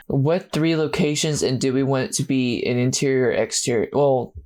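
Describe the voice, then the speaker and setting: A man's voice: mid-range voice, steady tone, normal speed, a little mellow. A man casually chatting with friends on a call, laughing often and easygoing.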